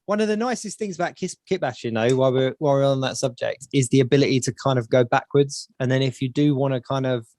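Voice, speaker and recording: A man's voice: mid-range voice, fast, few pauses, darkish tone, dry recording, studio quality. A man co-hosting a casual podcast chat, rambling and repeating words as he thinks. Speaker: podcast co-host.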